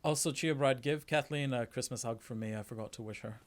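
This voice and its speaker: Man streamer in a middle pitch, playful, swears a lot, jokes and does voices while playing. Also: a little fast, background noise. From New Zealand. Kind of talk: casual game stream chat.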